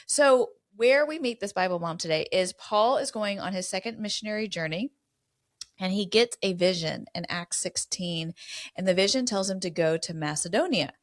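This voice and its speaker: A middle-aged woman, co-hosting a podcast, mixing casual chat with Bible teaching in an animated storytelling way. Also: mid-range voice, moderate pace. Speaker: podcast co-host.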